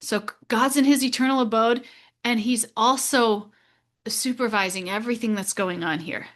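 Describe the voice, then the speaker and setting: A woman hosting a podcast, talking in a reflective and gently encouraging way in a casual spiritual discussion. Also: on the high side, steady tone, moderate pace. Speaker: podcast host.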